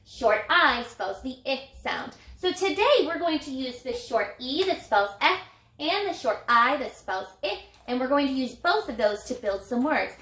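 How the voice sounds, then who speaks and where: A woman teaching an early reading lesson to young children, patiently stretching out and repeating vowel sounds in a clear, encouraging way. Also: sits high, a bit bright. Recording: echoey room.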